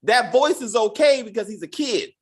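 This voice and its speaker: Man, lively swooping pitch, animated, acts out characters, casual review chat. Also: normal speed, slightly rough. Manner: animated, acts out characters' lines in funny voices. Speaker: podcast co-host.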